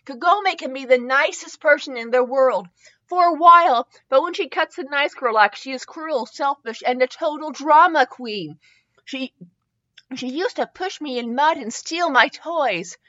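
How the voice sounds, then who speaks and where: A woman's voice: sits high, lively intonation, measured pace, a bit bright. A young woman hosting a comedy show, reading a fanfiction aloud with mocking asides and spelling out the misspelled words. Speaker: podcast host. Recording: dull lo-fi podcast audio.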